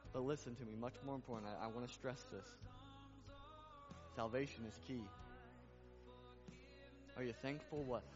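A man preaching a sermon as pastor, earnest and repetitive, building to emphatic appeals. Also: mid-range voice. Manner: earnest preaching, repeats phrases, rising to emphatic calls. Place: church sanctuary. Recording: muffled sound with long hall reverb.

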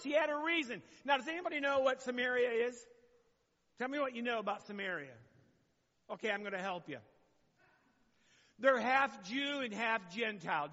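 A man's voice: extremely high pitch, sharp tone, long reverb tail, dull audio. A man preaching a sermon as pastor, talking conversationally and asking the congregation questions.

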